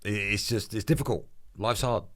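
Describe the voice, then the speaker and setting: A man with a low, deep voice speaks as a fighter guesting on a podcast. He is blunt and emphatic and swears freely in casual conversation. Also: normal speed, fairly bright tone.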